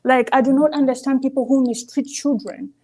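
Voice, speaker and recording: A woman's voice: high voice, fairly even intonation, fairly quick, a little mellow. A woman calling in to a live show, earnest and emphatic, often asking "you see". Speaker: caller. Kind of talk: call-in opinion.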